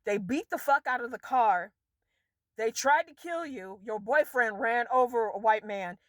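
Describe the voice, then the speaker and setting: A woman vlogger in an exasperated, profane rant about a film she reviews, her voice swinging sharply up and down. Her pitch sits on the high side, and the recording is close and dry with no room sound. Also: a little slow, fairly bright tone, dry recording. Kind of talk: casual rant to camera.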